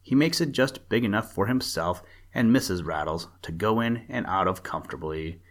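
A man voicing a grinning old male frog in a storybook reading, teasing and matter-of-fact. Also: lowish voice.

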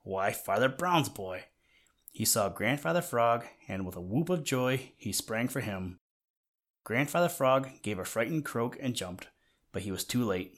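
A man reading a children's storybook aloud in a gentle way, talking to the listener now and then. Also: medium pitch, animated, unhurried. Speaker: narrator.

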